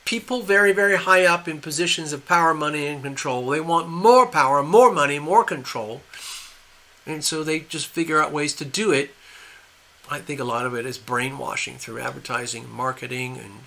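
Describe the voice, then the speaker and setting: A man's voice: a little high, moderate pace, creaky, sharp tone. An older man hosting a live stream, giving opinionated, rambling commentary with frequent restarts. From USA. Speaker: host.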